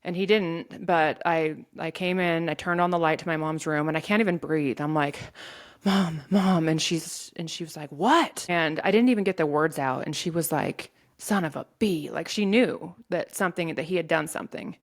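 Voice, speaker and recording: A woman telling a painful personal story in an interview, in a halting way with many restarts. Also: deep voice. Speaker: guest sharing her story.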